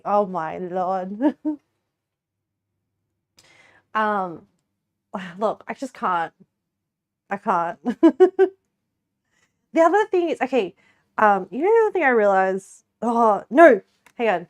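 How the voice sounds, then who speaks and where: Slow, giggly Australian woman streamer. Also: medium pitch, expressive. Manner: giggly, rambling, many likes and restarts. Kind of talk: casual chat while baking on stream.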